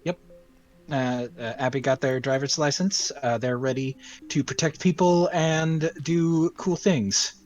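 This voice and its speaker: A man's voice: on the high side, steady tone, unhurried, a little mellow, highs cut off, faint music behind. A man playing in an online tabletop game, introducing his character in a casual, hesitant way full of fillers. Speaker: player.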